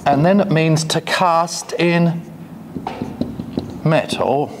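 A man giving a classroom lecture, talking slowly and hesitantly with many fillers and asides. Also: a little high. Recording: long reverb, faint noise.

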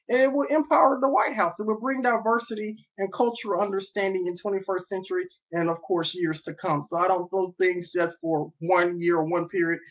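A man's voice: sits high, highs cut off. A young man with a Tennessee Southern accent, rambling grandly to his online fans with many ums and you-knows. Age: young adult. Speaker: self-promoting video blogger. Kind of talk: rambling self-recorded address to fans.

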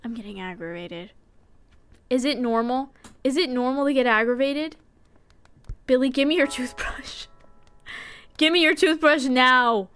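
A woman streamer giving playful, chatty commentary while she plays a game, going from sudden yelps to hushed whispers. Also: high-pitched, fairly even intonation, a little slow, long pauses, clean tone. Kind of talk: casual gameplay commentary.

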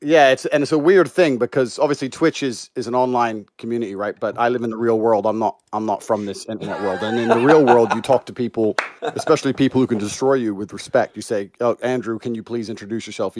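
A man's voice: medium pitch, steady tone, fast talker, a little mellow. Assertive man with a British-American accent. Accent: mixed British and American. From United Kingdom. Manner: assertive, lecturing. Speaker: debate guest. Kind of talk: livestream debate.

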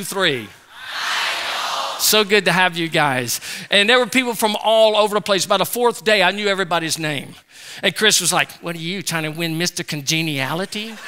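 Pastor guy, middle-aged, high and really bright voice, jokey storytelling sermon. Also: clear, resonant tone. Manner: humorous, animated storyteller.

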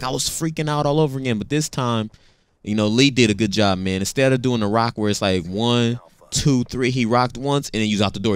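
A man in his thirties casually telling a personal story, animated and slangy, often repeating words as he talks. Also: on the low side, smooth, no room sound.

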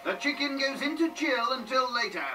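A man narrates with a very high voice and a dry, teasing wit. The scripted lines land as quips. He sounds a bit distant, with music playing underneath. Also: lively intonation, moderate pace. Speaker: show narrator. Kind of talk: wry scripted voice-over narration.

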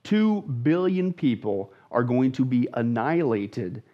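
A man's voice: mid-range voice, very animated, measured pace, highs cut off. A man, a pastor, teaching emphatically and dramatically about scripture as a guest in a conversation, repeating phrases for stress. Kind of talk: animated Bible teaching in conversation.

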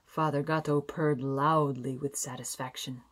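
A woman reading a fairy tale aloud as a bedtime story, gentle and expressive, slowing down for emphasis. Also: low voice.

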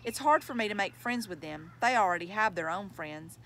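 A woman reading the part of a kind school counselor who speaks gently and reassuringly. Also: mid-range voice, animated, fairly quick, a little hiss or hum. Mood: gentle.

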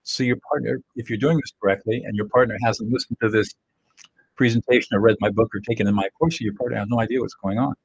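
Older male teacher, husky voice, earnest and direct, dry close sound. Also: fairly low pitch, steady tone, fast talker, no room sound, poor audio. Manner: earnest, plain-spoken, sure of himself. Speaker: presenter teaching emotional skills. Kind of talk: direct-to-camera teaching talk.

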